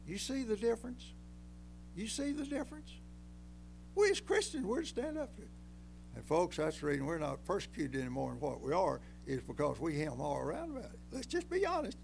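Folksy older preacher with a gravelly voice. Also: male voice, a little hiss or hum. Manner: folksy, emphatic, rising to shouts then dropping low. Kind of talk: sermon.

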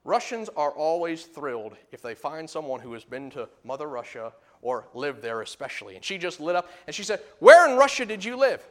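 A man preaching a sermon who moves between loud emphatic bursts and low, quiet asides while reading and explaining scripture. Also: lively intonation, a little fast, few pauses.

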